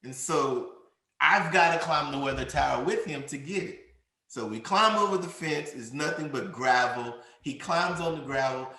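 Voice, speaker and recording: Animated man telling a story in an echoey room. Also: on the high side. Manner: animated storyteller, acts out quoted voices. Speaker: podcast host and teacher. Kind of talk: casual storytelling chat.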